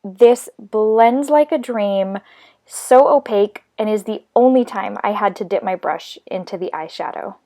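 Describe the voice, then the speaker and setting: A middle-aged woman chatting casually through a makeup tutorial, laughing often and filling pauses with "um" and "like.". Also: medium pitch, dark tone. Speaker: beauty vlogger.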